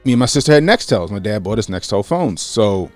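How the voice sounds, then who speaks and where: A man in his late thirties from Baltimore, hosting a casual livestream, greeting chat viewers and telling a story with lively acted-out quotes. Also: lowish voice, a little fast, dry recording, faint music behind. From Baltimore, USA. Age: 30s. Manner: animated, acts out quotes, greets chat by name. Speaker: livestream host.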